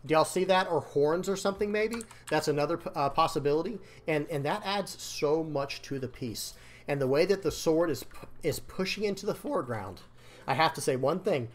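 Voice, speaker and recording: A man's voice: a little high, animated, moderate pace. A man giving casual, rambling commentary on card game decks and art, repeating words and talking to viewers, his throat dry and voice slightly strained. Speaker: card game content creator. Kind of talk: casual commentary over screen.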